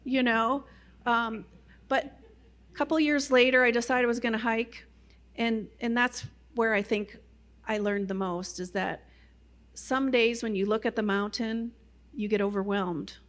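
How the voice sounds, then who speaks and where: A woman's voice: on the high side, steady tone, unhurried, a bit bright. Middle-aged woman telling her testimony. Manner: conversational storyteller, many "you know" fillers. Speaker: guest speaker at a Christian ministry. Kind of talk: personal testimony talk.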